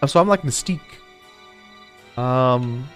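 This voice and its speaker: A man's voice: mid-range voice, unhurried, fairly bright tone, soft background music. Chatty, rambling male streamer. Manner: rambling, chatty, self-mocking. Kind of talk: casual gameplay commentary.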